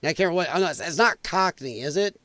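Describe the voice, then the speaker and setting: A man's voice: a little high, animated, fast, sharp tone, no echo. A man hosting a podcast livestream, rambling in casual commentary and reacting aloud to viewer chat. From United States. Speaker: podcast host.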